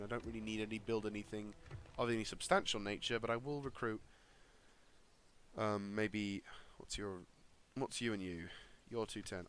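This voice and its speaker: Bright-voiced man rambling through a strategy game. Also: fairly low pitch, smooth. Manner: rambling, thinking aloud with fillers and restarts. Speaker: gaming video creator. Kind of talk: casual gameplay commentary.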